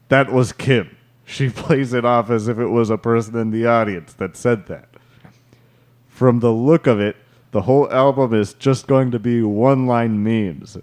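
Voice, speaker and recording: A man hosting a podcast, reading out a listener's story in a slow, deadpan way and chatting with his co-hosts. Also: on the low side, clean tone. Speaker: podcast host.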